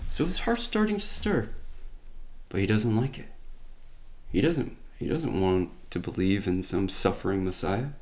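Low-voiced man retelling a Bible story. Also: measured pace, a little mellow. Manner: dramatic retelling with emphatic scripture quotes; conversational asides with fillers. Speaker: Bible teacher.

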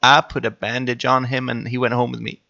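A man's voice: mid-range voice, little pitch movement, brisk, vocal fry, bright, forceful tone, muffled recording. A man setting up scenes in an improv comedy game, upbeat and laughing.

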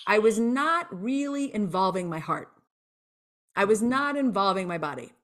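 A lively woman guest on a podcast who tells stories with real energy and plays out her own past lines as she goes. Her voice sits at an ordinary middle pitch. She speaks in a candid, conversational way. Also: normal speed. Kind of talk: candid storytelling interview chat.

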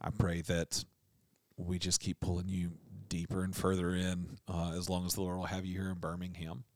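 A man's voice: low voice, monotone, moderate pace, dry recording. A man hosting a church podcast, chatting casually and teasing his guest in a friendly way. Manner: friendly, teasing, trails off softly. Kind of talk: casual interview chat.

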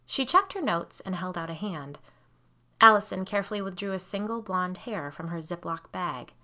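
A woman podcast host narrating a spooky story in a measured, wry storytelling manner. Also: fairly low pitch, lively intonation, bright, forceful tone.

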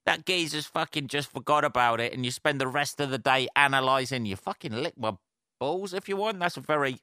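A man's voice: mid-range voice, brisk, bright, forceful tone, clear, resonant tone, no echo, clean studio sound. A man hosting a casual solo podcast, rambling and swearing a lot and laughing at himself as he goes. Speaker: podcast host.

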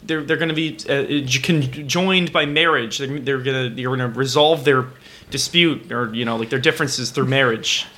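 A man's voice: medium pitch, moderate pace, few pauses, pushed and bright. A man co-hosting a podcast, telling rambling, profane stories in casual chat. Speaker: podcast co-host.

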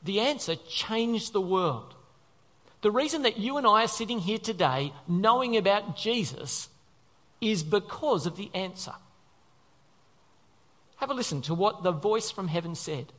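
A male preacher delivering a conversational, animated sermon, often asking the congregation questions. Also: sits high, moderate pace. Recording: long reverb of a large hall.

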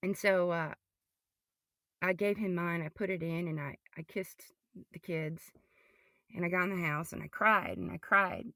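A middle-aged woman with a lowish, gravelly voice recounts her personal testimony in halting stretches, stumbling and repeating words as she goes. The sound is close and dry, with no room around it. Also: bright, forceful tone, dry recording. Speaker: podcast guest.

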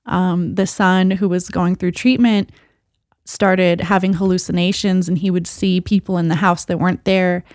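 A woman's voice: on the low side, level tone, moderate pace, a little mellow, no room sound, clean studio sound. A woman co-hosting a podcast, telling a story in a casual, rambling way full of fillers. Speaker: podcast co-host.

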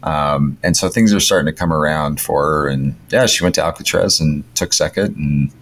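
Very deep-voiced upbeat male podcast co-host. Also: moderate pace, a bit bright. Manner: rambling, upbeat, many fillers and restarts. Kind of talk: casual chat.

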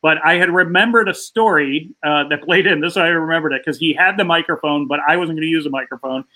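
Bright-voiced man telling a story. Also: a little high, quick pace, poor audio. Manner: lively anecdote-telling, acting out quoted voices. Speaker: stand-up comedian guest. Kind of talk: casual interview storytelling.

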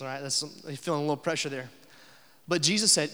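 A man's voice: fairly high pitch, fairly even intonation, a little fast, sharp tone, clear, resonant tone, in a large hall. A young adult man preaching a sermon as pastor, conversational, with filler uh's and rhetorical questions.

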